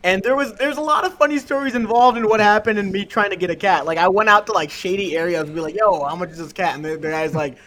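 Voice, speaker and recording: A young man telling funny stories in casual chat, animated and laughing, acting out the people he quotes. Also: high-pitched, fast talker, hardly any pauses. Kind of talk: casual storytelling.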